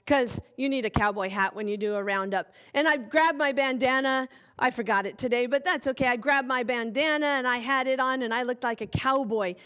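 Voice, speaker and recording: With a fairly high-pitched voice, a woman teacher gives young kids a playful phonics lesson. She draws out words and talks in an animated, exaggerated manner.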